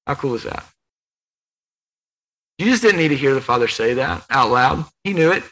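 A man's voice: mid-range voice, expressive, normal speed, pauses often, a bit bright, rough recording. A man preaching a sermon, earnest and emphatic, retelling scripture in his own words with repetition. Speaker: pastor.

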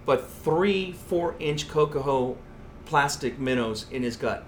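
Emphatic storytelling man, higher voice. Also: lively intonation, slow, a crowd in the background. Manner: storytelling, emphatic repeated phrases. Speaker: saltwater columnist. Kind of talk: casual podcast chat.

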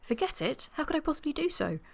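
A woman reading a charming, amused gentleman aloud from a novel, in a light, teasing manner. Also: high voice, sing-song, fast, gravelly, voice pushed up, exaggerated voice.

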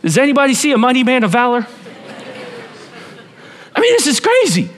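A man preaching a sermon to a church congregation, animated and playful, talking straight to the people in front of him. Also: extremely high pitch, a little fast. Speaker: pastor.

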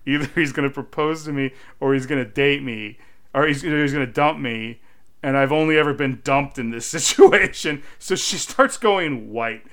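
This podcast co-host is a man whose voice rings bright and clear, pitched in the middle and moving at a moderate pace. In casual conversation he spins stories animatedly, performing each quote as he goes.

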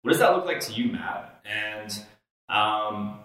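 A man's voice: on the low side, lively intonation, slow, a bit bright, distant mic. A man co-hosting a casual podcast chat, talking in an earnest coaching way with many fillers. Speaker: podcast co-host. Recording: echoey room, off-mic.

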